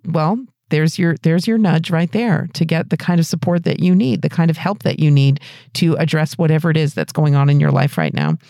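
A woman's voice: a little fast, no echo. Earnest encouraging woman podcast host, dry close mic. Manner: warm, encouraging, earnest; lively pitch rises. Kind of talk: advice podcast, answering a listener question.

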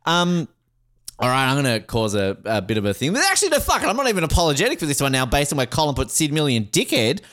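A man co-hosting a podcast, talking in casual banter that is animated and rambling, with lots of laughing and swearing. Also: fairly high pitch, fast. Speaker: podcast co-host. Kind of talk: casual banter ranking mascots.

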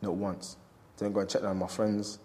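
A man's voice: fairly low pitch, level tone, moderate pace, warm tone. A man, a boxer speaking candidly in an interview, reflective and storytelling with quoted asides.

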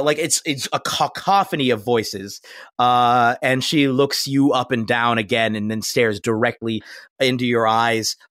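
A man's voice: mid-range voice, a bit bright, no echo. A man narrating as game master of a tabletop game, hesitant and full of fillers.

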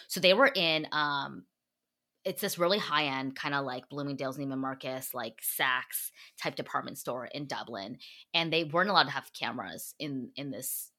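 A woman's voice: a bass voice, normal speed, sharp tone. A woman hosting a podcast, chatting casually and gossiping, full of "like" fillers and swearing. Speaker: podcast host.

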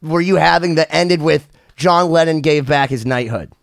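Male podcast host, higher-pitched, swears a lot, dry close mic. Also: normal speed, vocal fry, dry recording. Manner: animated storyteller, swears freely, jokey tangents. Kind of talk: casual chat.

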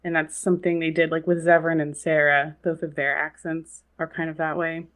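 A woman chats casually on a podcast, easygoing and quick to laugh between points. Her voice sits low for a woman. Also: flat delivery, fairly bright tone.

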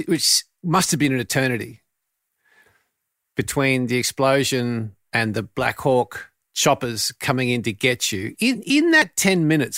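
A male podcast host whose pitch rises and falls a lot as he works his way through long, earnest questions. The sound is dry and close, with no room around it. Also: a bit bright, no echo. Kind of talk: interview questions.

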